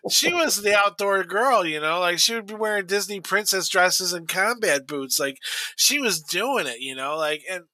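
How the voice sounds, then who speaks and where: A man's voice: high voice, expressive, moderate pace, sharp tone, dry recording. A man in his forties chatting casually on a podcast, rambling with lots of fillers and restarts. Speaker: podcast co-host. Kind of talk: casual chat.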